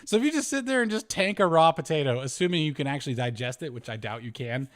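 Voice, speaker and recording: Fast, animated, and fairly bright, this man's high-pitched voice carries his homesteading channel as he goes through a spreadsheet. He calculates aloud, fixes his own mistakes, chuckles, and swings his voice up and down.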